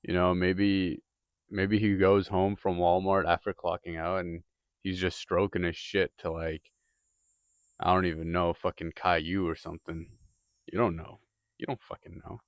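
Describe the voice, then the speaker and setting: A young man with a lowish voice delivers a rambling, profane monologue, tripping over filler words and restarts. The sound is dry and close, with no room echo. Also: flat delivery, measured pace, smooth, highs cut off. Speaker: podcaster. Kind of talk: casual monologue.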